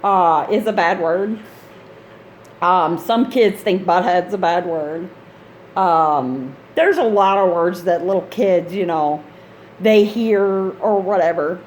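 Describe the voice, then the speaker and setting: A woman's voice: lowish voice, slow pace, a little hiss or hum. A woman, a mother of grown kids, chatting in a rambling, casual vlog style about gaming gear, laughing often. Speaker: gaming channel host.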